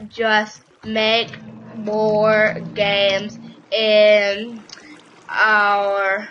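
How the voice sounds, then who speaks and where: A woman hosting a casual Minecraft let's play on webcam, rambling excitedly and repeating herself. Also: mid-range voice, background noise. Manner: squeals and shrieks with excitement. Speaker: gaming channel host.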